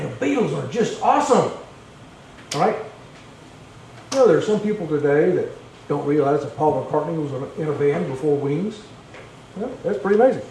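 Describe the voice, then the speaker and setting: A man's voice: high-pitched, a little mellow, slight background noise. A man preaching a conversational sermon, asking the congregation earnest rhetorical questions.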